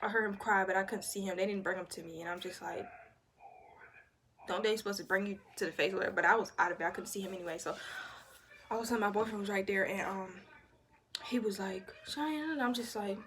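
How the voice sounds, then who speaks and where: A woman's voice: mid-range voice, fast, slight background noise. A young woman casually telling her birth story to the camera, candid and profane, acting out what others said. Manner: candid, profane, animated retelling with quoted voices.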